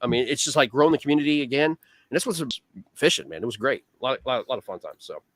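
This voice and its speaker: A guest angler with a mid-range voice talks fast on a video call, rambling through a long fishing story. He's animated and casual, tossing in "man" and "dude" constantly; the recording is dry.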